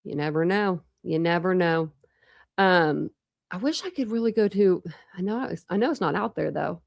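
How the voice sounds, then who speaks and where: A woman's voice: lowish voice, normal speed, creaky, no echo, studio quality. A woman hosting a true crime livestream, chatting casually and rambling with lots of restarts. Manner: rambling, self-interrupting.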